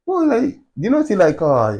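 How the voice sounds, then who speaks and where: A man's voice: high-pitched, wildly swooping pitch, moderate pace, darkish tone. A man hosting a podcast in casual chat, playful and full of slang, laughing often. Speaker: podcast host.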